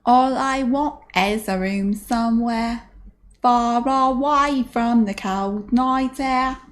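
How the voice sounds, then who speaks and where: A chirpy young flower girl in a broad, overdone mock Cockney accent, played by a woman. The words are stretched out slowly in a sing-song lilt, pitched a little higher than a plain speaking voice. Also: lively intonation, a bit bright. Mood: dreamy. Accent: exaggerated mock Cockney.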